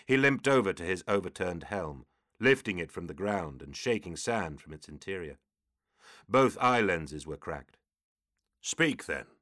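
Deep-voiced male audiobook narrator. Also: fairly bright tone, no room sound, studio quality. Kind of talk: scripted narration.

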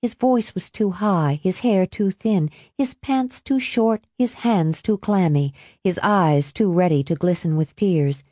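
A woman with a lowish voice narrates a novel as an audiobook, telling the scripted story in a calm, even, measured way. The recording is studio quality, with no echo.

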